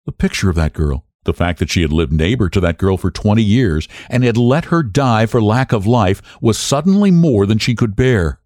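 A man reading a literary story aloud in a measured, expressive way. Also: fairly low pitch, no echo, studio quality. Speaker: narrator.

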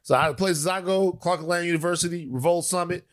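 A man's voice: sits high, fast, dry recording, clean studio sound. A man co-hosting a podcast in casual chat, rambling and joking, repeating phrases for laughs. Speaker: podcast co-host.

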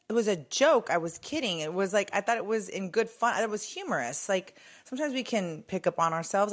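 A woman's voice: mid-range voice, a bit bright. A middle-aged woman co-hosting a casual gossip chat, rambling with restarts and fillers. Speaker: show co-host.

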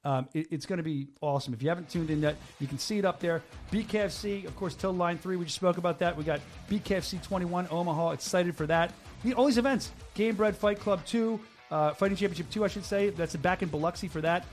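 A man hosting a studio talk show, energetic and chatty, often laughing and restarting his sentences. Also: sits high, fast, hardly any pauses, faint music behind. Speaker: show host. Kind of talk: casual studio chat.

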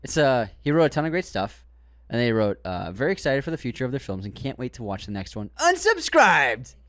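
Animated man with a Boston accent. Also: mid-range voice, fast, no room sound. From Boston area. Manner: animated, reads comments aloud with mock outrage. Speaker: podcast co-host. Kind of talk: casual chat.

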